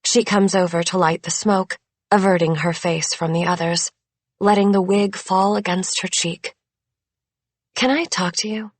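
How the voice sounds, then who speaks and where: A woman narrating a thriller audiobook in a measured, suspenseful way, close to a studio mic. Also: fairly low pitch, fairly even intonation, no room sound. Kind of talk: scripted narration.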